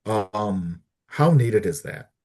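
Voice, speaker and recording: A middle-aged man, a podcast guest, telling a personal story earnestly and haltingly, often repeating words as he searches for them. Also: fairly low pitch, expressive, a little mellow. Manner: earnest, heartfelt. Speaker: podcast guest, disability advocate.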